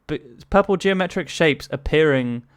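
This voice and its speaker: A man's voice: on the high side, expressive, moderate pace, smooth. A man narrating a tabletop game as game master, casual, laughing often and swearing.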